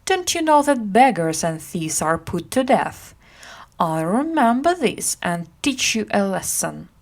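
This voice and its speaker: A woman's voice: medium pitch, big pitch swings, unhurried. A woman reading aloud and voicing a sly, scheming young beggar boy in a storybook.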